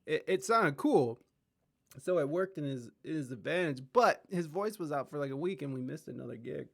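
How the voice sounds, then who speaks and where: A man talks on a livestream in a loose, rambling way and swears freely. His voice sits a little high for a man and has a gravelly, fried edge. He speaks into a desk mic. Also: expressive, normal speed. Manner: rambling, profane, reacts to clips. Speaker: livestream host. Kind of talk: casual chat.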